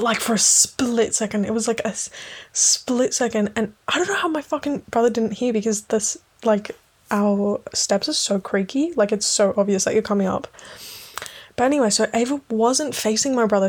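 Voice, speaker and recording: A woman rambling casually in a late-night podcast episode, giggling often and swearing freely, sometimes dropping to a hushed voice. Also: medium pitch. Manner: drops to a hushed voice at times. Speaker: podcast host.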